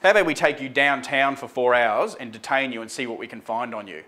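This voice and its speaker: A man's voice: medium pitch, fairly quick, sharp tone, lightly acted. A man voicing a hostile, aggressive male police officer who swears and bullies. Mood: threatening. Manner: blunt, swearing, bullying.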